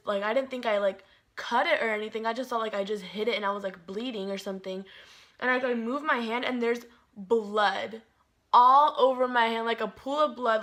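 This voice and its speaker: Young female vlogger, slightly high voice, rambling storytime delivery full of fillers. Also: a bit bright. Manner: chatty, fillers of like, quoting herself dramatically. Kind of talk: casual storytime.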